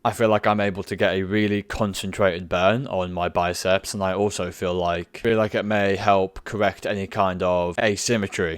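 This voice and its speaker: A man with a fairly low voice walks through his workout in a loose, chatty way, showing moves as he goes. The sound is dry and close, with little room around it. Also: dry recording. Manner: chatty, demonstrating as he talks, loose phrasing. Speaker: fitness vlogger. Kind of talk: casual workout explanation. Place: gym.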